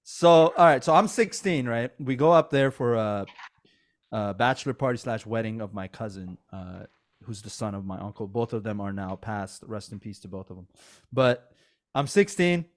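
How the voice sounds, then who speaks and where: A man hosting a casual podcast, a comedian telling animated stories with lots of fillers and laughs. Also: on the low side, normal speed.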